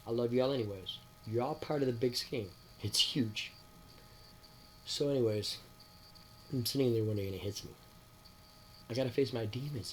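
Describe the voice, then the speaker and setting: A man talking to his viewers in a rambling, preachy monologue. He asks them rhetorical questions and swings between loud outbursts and quiet mutters. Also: medium pitch, moderate pace, pauses often, slight background noise. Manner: addresses listeners with rhetorical questions. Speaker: spiritual vlogger. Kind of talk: casual spoken monologue to viewers.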